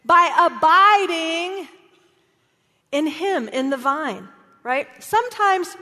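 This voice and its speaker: Female preacher, high voice, chatty and lively sermon delivery, long church-hall reverb. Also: takes it slowly, pauses often. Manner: animated, conversational, keeps asking "right?".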